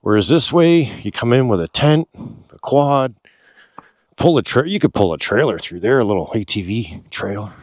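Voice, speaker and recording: A man narrating his ATV trail vlog outdoors in a casual, excitable, rambling way, swearing now and then. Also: mid-range voice, moderate pace, dry recording.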